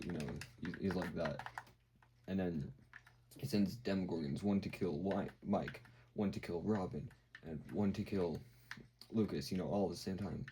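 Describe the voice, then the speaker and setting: Deep-voiced man rambling through a recap. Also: normal speed, background noise. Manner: rambling, full of fillers and acted-out quotes. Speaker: video host. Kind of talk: casual show recap.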